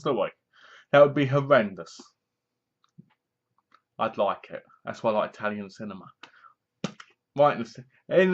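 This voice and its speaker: A man giving a sarcastic, casual spoken review, often acting out lines in funny voices. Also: mid-range voice. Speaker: film reviewer. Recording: dull lo-fi sound.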